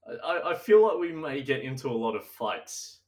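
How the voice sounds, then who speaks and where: A man's voice: mid-range voice, big pitch swings, normal speed, a little mellow, distant mic, a little hiss or hum. A young man co-hosting a casual chat, rambling and laughing often, sometimes slipping into silly old-timey voices. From Australia. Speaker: podcast co-host.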